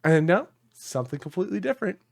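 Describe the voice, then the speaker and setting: Animated, high-voiced young man on a podcast. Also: fast, creaky, no room sound, studio quality. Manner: animated storyteller, swears freely, acts out quotes. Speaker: podcast co-host. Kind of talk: casual chat.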